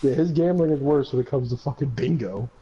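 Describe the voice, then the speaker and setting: A man's voice: mid-range voice, brisk. Foul-mouthed young man trash-talking on stream. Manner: profane, mock-angry ribbing of friends. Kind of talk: casual gaming stream banter. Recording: dull lo-fi audio with crowd noise.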